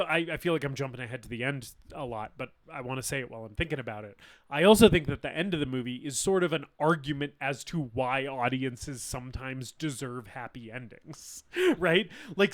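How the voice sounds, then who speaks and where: A man co-hosting a podcast in casual chat, excitable and laughing often. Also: mid-range voice, normal speed. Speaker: podcast co-host.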